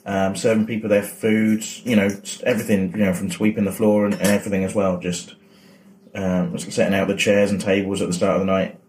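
A comedian guest chats in his home kitchen in a dry, self-deprecating, rambling manner, his low, darkish voice level and brisk. It's a casual interview, picked up by a distant mic in a roomy kitchen with faint noise.

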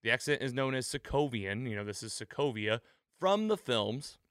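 Bright, crisp-voiced man hosting a podcast. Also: medium pitch, animated, moderate pace, no room sound, studio quality. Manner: rambling, many fillers and restarts. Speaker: podcast host. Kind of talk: casual podcast commentary.

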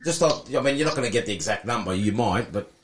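A man with an Australian accent co-hosting a radio show, lively and teasing, often laughing. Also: on the low side, quick pace, a crowd in the background. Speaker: radio co-host. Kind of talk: casual radio chat.

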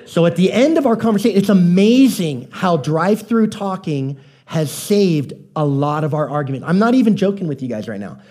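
A man's voice: high voice, animated, moderate pace, hardly any pauses, warm tone. A man preaching a conversational sermon who tells folksy stories and keeps checking in with his audience. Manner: folksy storytelling, asks the audience questions. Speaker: pastor.

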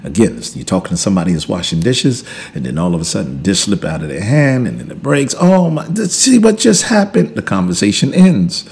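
A man, a pastor hosting a podcast, teaching in a relaxed conversational way, repeating and restarting words and chuckling between points. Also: deep voice, quick pace, few pauses, slight background noise. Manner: emphatic, preacherly build-ups.

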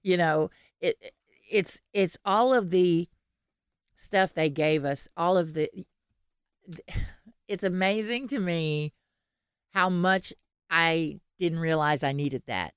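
A woman's voice: lowish voice, slow pace, pauses often, clear, resonant tone, no echo, clean studio sound. A woman, co-hosting a podcast in casual, rambling chat, laughing often and restarting her sentences. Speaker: podcast co-host.

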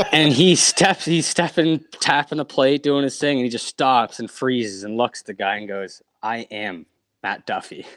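A young man from Nova Scotia, a baseball umpire, telling lively anecdotes in a casual interview and laughing often. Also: medium pitch, measured pace, dry recording. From Nova Scotia, Canada. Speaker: minor league umpire, guest.

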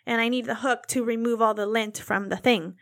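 A young woman telling a long, animated story about a domestic squabble, acting out both sides of the argument. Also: on the high side, fairly quick, no room sound, studio quality. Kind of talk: casual storytelling chat.

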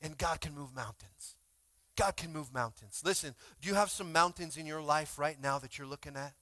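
A male pastor preaching a sermon informally, swinging between shouted exhortations and quiet asides, often asking the congregation to respond. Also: a little high, normal speed, no room sound. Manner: informal, frequent "like" and call-and-response.

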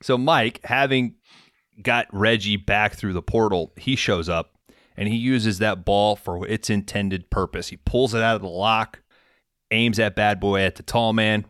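A man's voice: fairly low pitch, fairly even intonation, a little slow, a bit bright, no room sound, clean studio sound. A man hosting a podcast, casually recapping a movie in a laid-back, profane storytelling way. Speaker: podcast host.

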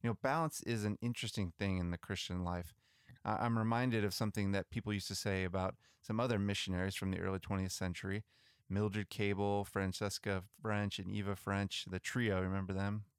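A man co-hosting a podcast, chatting and retelling missionary history in a relaxed, conversational way with some restarts. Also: on the low side, brisk, clear, resonant tone, dry recording, studio quality. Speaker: podcast co-host. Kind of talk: casual storytelling about missionary history.

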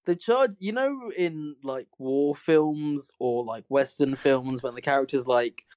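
A man's voice: mid-range voice, unhurried, a little mellow, no echo. A man co-hosting a sports podcast, rambling with comic asides in casual chat. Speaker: podcast co-host.

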